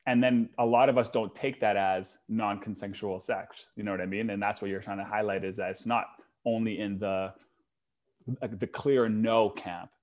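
A man's voice: lowish voice, moderate pace. A young man hosting a podcast in casual conversation, telling stories and acting out the quotes. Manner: animated storytelling, acts out quotes. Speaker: podcast host.

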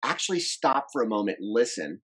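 A man who grew up in France, coaching on relationships in a casual podcast chat, instructive and energetic, often repeating words. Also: mid-range voice, a little fast, breathy edge, low-quality recording.

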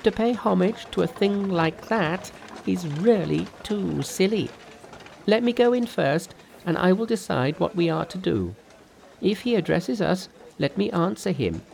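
A man voicing a boastful, clever male monkey sage in an audiobook, talking in a brisk, haughty, self-assured way. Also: sits high, expressive, vocal fry, a little mellow, a little hiss or hum, pitched above the performer's own voice, full character voice. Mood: confident. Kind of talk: audiobook narration with character voices.

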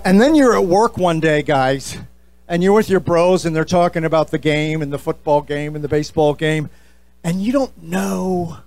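A middle-aged man with a New Jersey accent works a live stage as podcast host, his voice sitting high for a man. He talks in an animated, jokey, opinionated way. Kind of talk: live stage address to fans.

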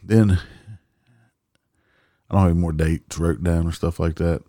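Low-voiced, profane cop ranting. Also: male voice, fairly even intonation, moderate pace, mellow, no room sound, studio quality. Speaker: traffic police officer. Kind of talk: casual storytelling monologue.

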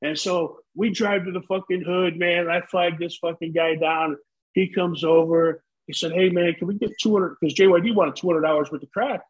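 A man's voice: on the high side, fairly even intonation, moderate pace, slightly rough. A man in his fifties telling long, profane stories in casual chat as a podcast co-host. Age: 50s. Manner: profane, rambling storyteller. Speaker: podcast co-host, former pro wrestler. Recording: dull lo-fi audio.

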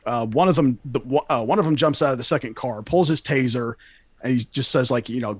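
A man's voice: medium pitch, a little fast, dry recording. Young male host, casual story, swears a lot, very dry close sound. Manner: rambling, profane, lots of fillers and restarts.

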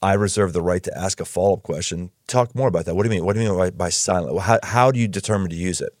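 A man's voice: low-pitched, fast talker, dry recording, studio quality. A man hosting a casual conversation, easygoing and folksy in how he talks. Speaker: podcast host. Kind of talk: casual chat.

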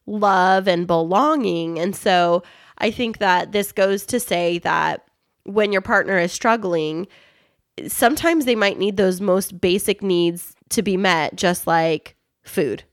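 A woman's voice: mid-range voice, slow pace, no room sound, clean studio sound. Earnest woman co-hosting a couples podcast. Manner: earnest, warm storytelling, laughs easily. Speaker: podcast co-host. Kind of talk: casual chat, telling personal stories.

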